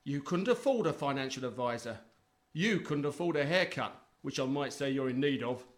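A man's voice: mid-range voice, expressive, moderate pace, natural voice. An actor with a British accent playing a pompous, bullying wealthy man who sneers at his brother in a sitcom. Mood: scornful. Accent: British English. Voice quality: sneering, contemptuous. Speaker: rich brother negotiating a property deal. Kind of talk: sitcom acting.

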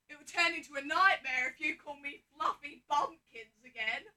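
A woman playing a proud, sharp-tongued stray cat in a live pantomime, dry and threatening. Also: high-pitched, normal speed. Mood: sassy. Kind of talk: live pantomime stage acting. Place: theatre stage. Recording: distant stage sound from the hall.

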